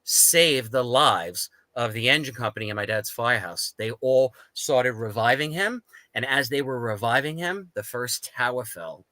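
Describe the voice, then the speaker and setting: A man's voice: medium pitch, normal speed, dry recording, low-quality recording. A man, a guest on a talk show, telling his story casually and animatedly, acting out the people he quotes. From United States. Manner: animated, acts out quoted dialogue.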